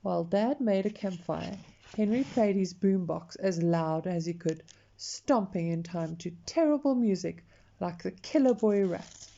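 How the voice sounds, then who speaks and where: A woman reading a picture book aloud, expressive and talking to the listener. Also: lowish voice, gravelly, muffled recording. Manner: slow, expressive, talks to the listener. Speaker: storyteller.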